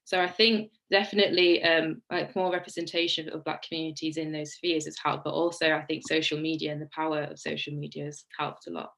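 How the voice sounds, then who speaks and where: A woman speaking as a panelist in an online academic discussion, quick and self-correcting as she searches for words. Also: low voice, flat delivery, creaky, fairly bright tone, poor audio. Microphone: video call.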